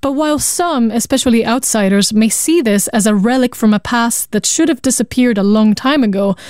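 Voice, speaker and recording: A female reporter reading a scripted news report in a clear, even way. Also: a little high, no room sound, studio quality.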